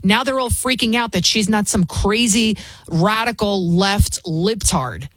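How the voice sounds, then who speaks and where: A woman's voice: mid-range voice, unhurried, no echo. Lady subbing as radio host, mocking and fired up, super dry close sound. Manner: combative, mocking, ranting. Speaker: fill-in radio talk show host. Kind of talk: opinionated talk radio monologue.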